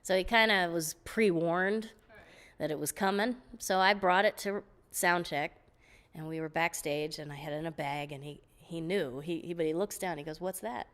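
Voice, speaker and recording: A woman guest on an interview show, telling stories in a lively, laughing way, often restarting her sentences. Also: fairly low pitch, moderate pace. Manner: animated, laughing storyteller with frequent restarts. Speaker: guest vocalist. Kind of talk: casual interview storytelling.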